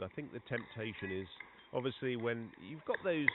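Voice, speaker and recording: Fairly quick and mid-range, this man's voice delivers conversational live cricket commentary from an outdoor ground. He chats between balls, gets more excited as big shots come, and sounds tinny, as if on a phone, with clear background noise.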